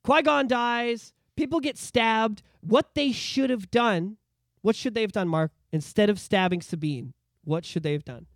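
A man co-hosting a podcast in casual chat, ranting in a profane, animated way. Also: high voice, unhurried, dry recording, studio quality. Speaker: podcast co-host.

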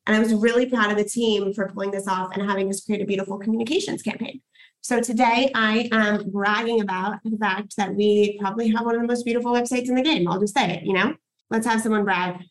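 A woman's voice: medium pitch, steady tone, fast, poor audio. A young woman hosting a workshop as a podcast coach, enthusiastic and hyped, swearing casually as she cheers people on.

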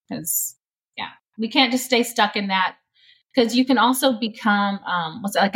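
A woman's voice: a little high, fairly bright tone. A middle-aged woman, a guest on an interview show, talking earnestly about healing and often laughing as she speaks. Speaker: energy healing practitioner, guest. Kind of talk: conversational interview.

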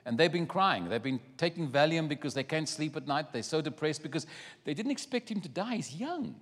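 Man, preacher, sermon, animated storytelling, slightly high voice, echoing hall. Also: a little fast. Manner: animated storytelling, acting out scripture scenes.

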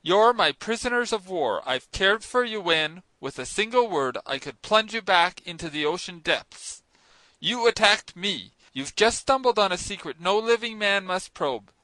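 A man's voice: high-pitched, expressive, moderate pace, sharp tone, no echo, poor audio. Captain Nemo, a man reading as a cold commanding captain. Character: stern mysterious male sea captain. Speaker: narrator voicing characters. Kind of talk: audiobook reading.

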